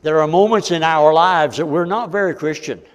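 A man's voice: a little high, moderate pace. Preacher man in a reverberant church. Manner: folksy preaching, swinging between loud and hushed. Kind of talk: sermon.

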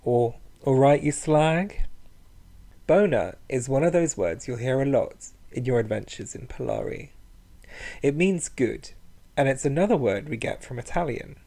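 A man's voice: medium pitch, expressive, moderate pace, creaky, mellow. Camp, cheeky man teaching slang. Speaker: language teacher, podcast host. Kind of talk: playful language lesson.

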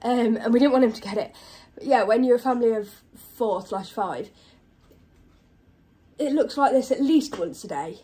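A woman's voice: a little high, lively intonation, moderate pace, mellow, breathy edge. Breathless British woman vlogging at home. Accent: British English. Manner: chatty, talks to pets in baby voice. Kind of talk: casual home vlog chat. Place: home kitchen. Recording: noisy home recording. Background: washing machine and tumble dryer running.

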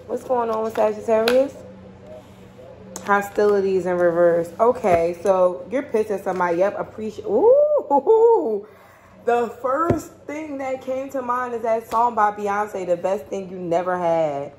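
A woman reading tarot cards in a loose, chatty way, blunt and quick to swear. Her voice sits at an ordinary middle pitch, with a faint hum of background noise behind it. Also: darkish tone. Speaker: tarot reader.

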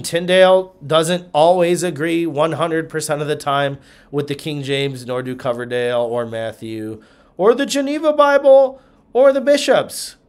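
A man in a teaching role walks through a series of charts, his voice sitting a little high for a man. He thinks aloud as he goes, often restarting sentences and checking in with "okay?" The delivery is a casual lecture, not a polished script. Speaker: Bible teacher.

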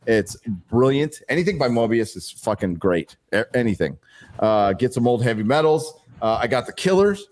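Animated man reading donations. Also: mid-range voice, moderate pace. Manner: animated, joking, swearing, reads superchats aloud. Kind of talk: casual live-stream chat.

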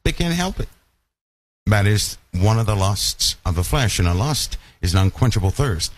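Low-voiced man preaching, full of questions. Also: sing-song. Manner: emphatic, asks the audience questions often; slows down and drops his voice on key lines. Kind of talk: sermon.

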